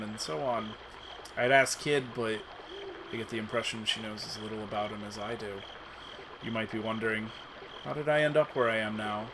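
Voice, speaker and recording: A man's voice: medium pitch, noisy background. A man streaming himself reading a text adventure aloud as dramatic narration, with asides. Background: game music.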